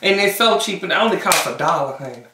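A woman's voice: fairly low pitch, lively intonation, quick pace, recorded from a distance, noisy background. A woman hosting a casual eating-show vlog, chatting directly to her viewers. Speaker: mukbang vlogger. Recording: echoey room, voice away from the mic.

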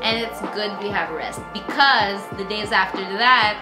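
A woman's voice: mid-range voice, a little slow, reverberant, over loud music, poor audio. A young woman hosting a casual travel vlog, teasing and laughing often. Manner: giggly, teasing, bursts into laughter. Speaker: vlog host, singer.

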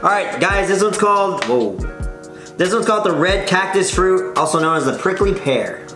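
A young man co-hosting a casual vlog, playful and teasing, swearing casually and breaking into excited shouts. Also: sits high, normal speed. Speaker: co-host. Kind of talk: casual vlog chat while taste-testing. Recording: roomy sound with music underneath.

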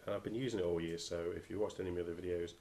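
Man from the UK, very low voice, stuffy nasal cold, casual halting gear review, faint hiss behind. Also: steady tone, mellow. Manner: hesitant, many ums and restarts.

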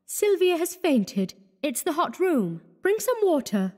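A woman's voice: high-pitched, big pitch swings, measured pace, darkish tone. A woman voicing a composed, dignified young Parisian woman with a firm manner. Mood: calm.

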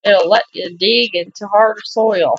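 A woman voicing a cranky old male shopkeeper, speaking slowly and sternly while reading game dialogue aloud. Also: medium pitch, fairly even intonation, lo-fi sound, slight background noise, close to an everyday voice. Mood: gruff. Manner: grumpy, slow and stern.

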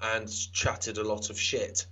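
A man's voice: fairly low pitch, completely flat delivery, a little slow, pushed and bright, a little hiss or hum. A man co-hosting a podcast in jokey, casual banter, swearing freely. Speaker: podcast co-host. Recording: dull lo-fi podcast audio.

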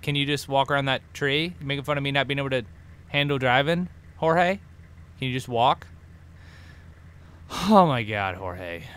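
A man giving goofy, excitable let's play commentary, trash-talking the game as he plays. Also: medium pitch, a little fast, clear, resonant tone. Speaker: gaming host. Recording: noisy game-audio mix. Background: game sound effects and vehicles.

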